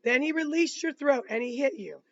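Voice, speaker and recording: A man reading a calm, probing lawyer. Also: very high voice, highs cut off, pitched above the performer's own voice. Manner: measured, questioning. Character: calm, patient older male lawyer.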